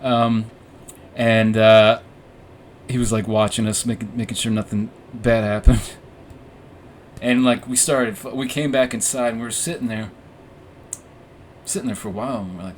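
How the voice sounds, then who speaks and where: A man's voice: lowish voice, steady tone, moderate pace, long pauses, slight background noise. A young man hosting a podcast, telling a story casually, rambling and swearing, with frequent laughs. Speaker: podcast host.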